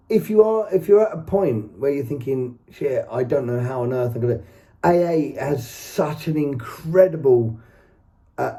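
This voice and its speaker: A man's voice: medium pitch, warm tone. A man talking casually in a rambling, earnest way, with many fillers and restarts, in his own video diary. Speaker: recovery vlogger. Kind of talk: casual spoken vlog.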